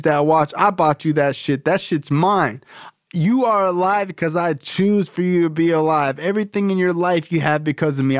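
A man's voice: on the high side, no room sound, clean studio sound, voice pushed up, lightly acted. A man voicing his angry, controlling father, who rants bitterly and swears.

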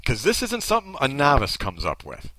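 Male commentator, mocking and emphatic, bright edge to the voice. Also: medium pitch, wildly swooping pitch, fairly quick, dry recording. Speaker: commentator reacting to a video. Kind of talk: critical commentary.

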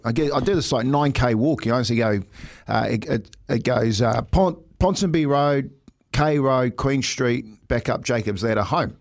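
A man with a New Zealand accent, co-hosting a breakfast radio show and telling stories in a casual chat. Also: medium pitch. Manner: animated, laughs through stories. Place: radio studio.

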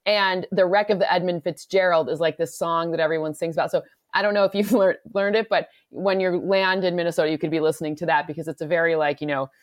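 Low-voiced woman, rambling football talk. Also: fairly even intonation, no room sound, clean studio sound. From Michigan. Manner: fast, rambling, many restarts. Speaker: NFL analytics expert guest. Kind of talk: casual podcast chat.

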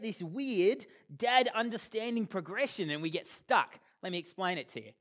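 An Australian man in his thirties speaks to an audience, his voice sitting high for a man. He tells stories with animated, self-deprecating humour and acts out the lines of the people in them. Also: normal speed. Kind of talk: storytelling talk to an audience.

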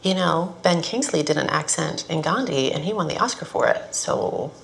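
A pushy gravelly casting director. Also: female voice, deep voice, moderate pace. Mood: insistent. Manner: insistent, matter-of-fact.

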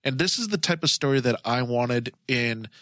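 A man's voice: mid-range voice, animated, normal speed, fairly bright tone, clean studio sound. A man co-hosting a casual podcast, agreeable, often echoing his partner and laughing easily. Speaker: podcast co-host.

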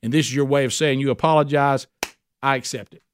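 A man's voice: mid-range voice, fairly even intonation, quick pace, slight background noise, natural voice. A man voicing a proud older brother who is indignant and sure of himself, speaking in a boastful, defiant way. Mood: magnanimous.

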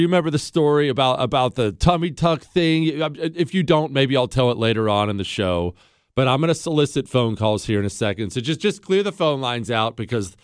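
A man in his forties hosting a radio talk show, telling a story with lively, mock-outraged quotes and then taking calls. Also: mid-range voice, dry recording, clean studio sound.

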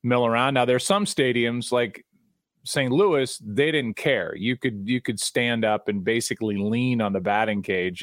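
A middle-aged man, a broadcaster, telling stories in casual chat, animated and restarting his sentences. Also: lowish voice, dry recording, studio quality. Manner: animated, repeats words when starting sentences. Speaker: guest broadcaster. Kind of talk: casual storytelling.

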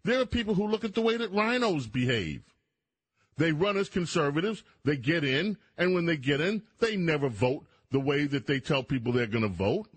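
Husky, animated radio host man. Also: fairly high pitch, normal speed. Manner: emphatic, addresses listeners directly. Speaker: radio talk show host. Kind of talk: talk radio monologue.

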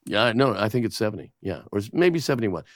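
An older man in his seventies with a lowish voice chats as a guest, eager and animated as he tells stories. He slips quickly into the lines of the scenes he describes. The sound is dry and close, with little room around it. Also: dry recording. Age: 70s. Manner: lively anecdote teller who quickly acts out lines from scenes. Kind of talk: casual chat.

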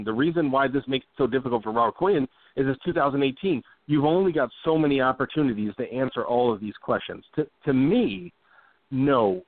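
A man hosting a casual sports talk podcast, talking emphatically and turning animated when he jokes. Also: mid-range voice, no echo. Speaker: podcast host. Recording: dry tinny phone-like audio.

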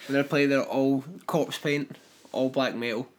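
A man co-hosting a podcast, adding relaxed, dry asides in a casual movie review. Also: mid-range voice, unhurried, a little hiss or hum. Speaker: podcast co-host.

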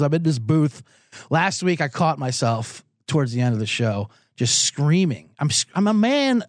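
A man hosting a sports betting podcast alone in a small recording booth, rambling comically, loud and excitable, swinging from shouting to mumbling. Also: a little high, no echo, studio quality. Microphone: studio microphone.

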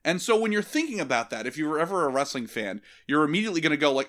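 Male podcast host, slightly high voice, animated and profane comic storyteller. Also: rapid-fire, few pauses. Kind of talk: casual comedic chat.

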